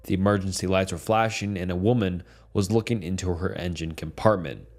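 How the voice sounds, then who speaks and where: A man reading a dark first-person horror story as a calm, steady scripted narration. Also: deep voice, fairly quick.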